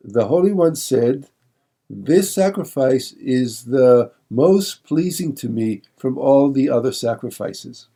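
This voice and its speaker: Dark-voiced rabbi teaching Torah. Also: male voice, medium pitch, expressive, creaky, husky. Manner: reads Hebrew verses quickly, then translates slowly with many fillers; reflective, poses questions to the listener.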